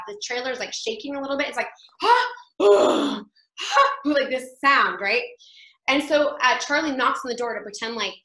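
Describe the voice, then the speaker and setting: A woman actress telling an anecdote as an interview guest, animated and chatty, laughing often and acting out what others said. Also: on the high side, echoey room, poor audio.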